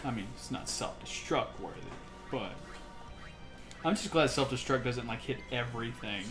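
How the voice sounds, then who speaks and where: A man's voice: medium pitch, animated, moderate pace. A young man casually chiming in and joking while a friend plays a game. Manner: joking, chimes in. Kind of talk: casual gameplay commentary. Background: game music.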